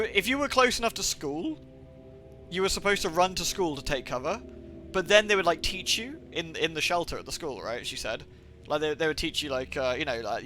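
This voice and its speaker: A man's voice: on the high side, pushed and bright. A young man from England rambling and swearing on a livestream, with lots of filler words. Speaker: streamer. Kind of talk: livestream gaming chat.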